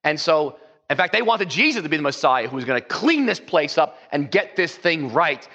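A man's voice: on the high side, sing-song, moderate pace, sharp tone, lo-fi sound. A man preaching a conversational sermon as a pastor, rambling with many fillers and acting out quotes.

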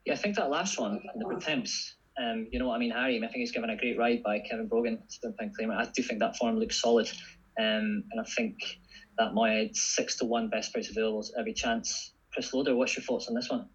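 A man hosting a horse racing tips show with a husky voice, briskly reading odds and handing over to panelists. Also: mid-range voice, steady tone. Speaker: host. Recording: dull lo-fi audio.

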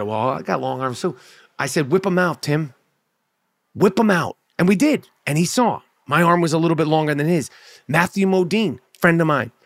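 A middle-aged man tells a rambling comic story in a brash, boastful way, with a fair amount of cussing. His voice sits a bit higher than most men's. The sound is dry and close, with no room echo. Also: a bit bright. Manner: brash, boastful, rambling riffs with heavy swearing. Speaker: comedian telling a story.

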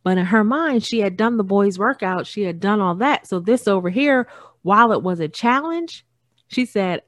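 A woman in her thirties hosts a solo podcast, speaking earnestly about parenting and repeating phrases for emphasis. Her medium-pitched voice is animated and moves at a normal speed. The studio microphone gives a studio-quality recording with no echo.

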